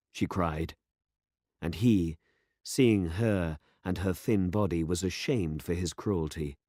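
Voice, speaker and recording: Slow, deep-voiced man reading a story. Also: expressive, dark tone, no echo, clean studio sound. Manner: slow, clear and deliberate. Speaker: story reader. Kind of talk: scripted story narration for English learners.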